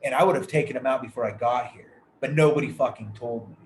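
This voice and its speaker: A man's voice: medium pitch, fast talker. Rambling, foul-mouthed man in an echoey room. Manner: rambling, heavily profane storytelling. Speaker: podcast host. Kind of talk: casual storytelling chat. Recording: echoey room with faint noise.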